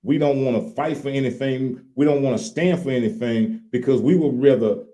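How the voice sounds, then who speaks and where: A man in his late fifties from Louisiana with a Southern accent, co-hosting a casual livestream chat in a folksy, animated way. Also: mid-range voice, brisk. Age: late 50s. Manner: folksy, animated, repeats "look here". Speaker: co-host.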